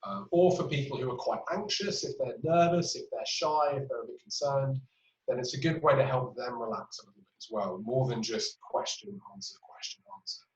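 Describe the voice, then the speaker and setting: A man's voice: medium pitch, brisk. A man teaching clinical communication skills in a webinar, explaining with patient examples and frequent fillers. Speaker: clinical trainer. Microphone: webinar recording. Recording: roomy, distant, dull audio.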